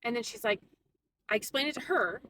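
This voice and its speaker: A woman vlogging a casual storytime, animated and quoting people in put-on voices. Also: a little high, brisk, distant mic, a little hiss or hum, poor audio.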